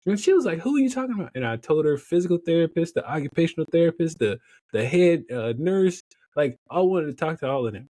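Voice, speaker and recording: A young adult man telling a story as a podcast guest, animated and laughing often, acting out the other voices in his story. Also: fairly high pitch, a little fast, dry recording, studio quality. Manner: animated, laughs often, acts out quoted dialogue. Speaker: podcast guest, motivational speaker. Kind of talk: casual storytelling in an interview.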